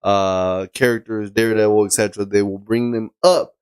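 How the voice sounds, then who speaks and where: A man's voice: on the low side, fairly even intonation, normal speed, a little mellow, smooth, no room sound. A man co-hosting a podcast in casual chat, rambling and laughing often. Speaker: podcast co-host.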